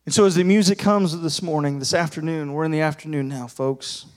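High-voiced impassioned male preacher. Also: steady tone, brisk. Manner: pleading, builds to loud high passionate prayer. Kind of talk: sermon altar call and prayer. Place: church sanctuary.

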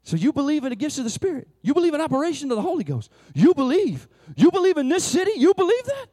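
An excitable young man in his twenties, all drama, his voice leaping high and loud with amazement, as a male preacher acts him out in a sermon. He sounds over the top. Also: fast talker, no room sound, studio quality, heavily acted. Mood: amazed.

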